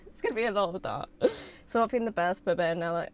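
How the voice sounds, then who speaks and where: A young woman, streaming and chatting with her viewers in an excitable, bubbly way and swearing freely. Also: on the low side, fast, pauses often. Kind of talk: casual livestream chat with viewers.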